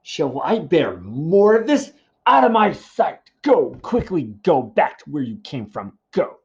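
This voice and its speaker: A man's voice: mid-range voice, lively intonation, a little slow, a little mellow, slightly rough. A man reading aloud as a proud, angry king who accuses a seer, in a dull lo-fi recording. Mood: indignant. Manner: reads the translated verse aloud, heated.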